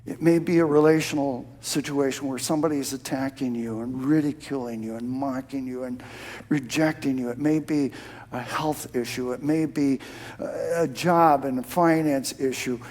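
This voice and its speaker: A man preaching a sermon in a church, impassioned, dropping to a hush and then rising to shouted emphasis. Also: mid-range voice, moderate pace. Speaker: pastor.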